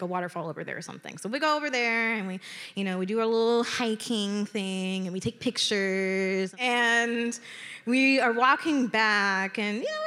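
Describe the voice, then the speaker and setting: A woman telling a personal story to an audience from a stage, in an animated, conversational way with dramatic emphasis. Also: on the high side. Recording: long hall reverb.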